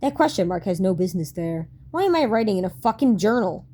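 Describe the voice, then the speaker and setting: A woman's voice: medium pitch, very animated, quick pace, warm tone. A woman in her late twenties reading her old diary aloud and commenting on it in a wry, self-mocking way, swearing and laughing often.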